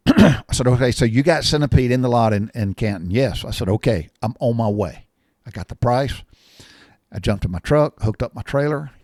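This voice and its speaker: An older man, telling a rambling story in a folksy way, often clearing his throat and repeating words. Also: medium pitch, expressive, normal speed, darkish tone, no room sound, clean studio sound. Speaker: vlogger.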